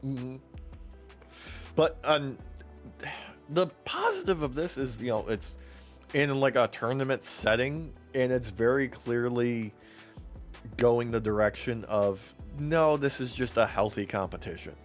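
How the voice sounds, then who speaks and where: Male podcast co-host, loose and profane, animated when quoting, light music bed under the voice. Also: mid-range voice, unhurried. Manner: profane, laughing, acts out quotes in voices. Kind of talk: casual wrestling recap chat.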